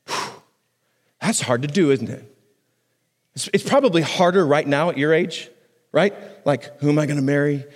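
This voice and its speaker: A somewhat high-voiced man preaches a sermon into a microphone, talking like he's chatting with the congregation. He restarts phrases and pushes his pitch up and down to stress points. His voice rings out with the long reverb of a big church sanctuary. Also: moderate pace, long pauses. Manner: conversational preaching with restarts, pitch swinging high and low for emphasis. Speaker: pastor.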